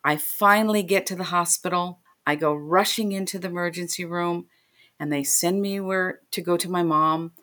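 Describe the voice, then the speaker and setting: Low-voiced woman telling a family story. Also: moderate pace, pushed and bright. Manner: emotional, retells scenes by voicing the people in them. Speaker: interview guest. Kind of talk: personal storytelling.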